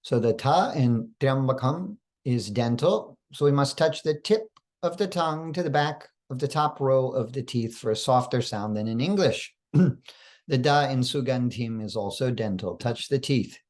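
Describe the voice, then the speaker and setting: Man, spiritual teacher, careful deliberate explanation, instructional talk, mid pitch. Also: animated, darkish tone. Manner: occasional throat clearing and fillers.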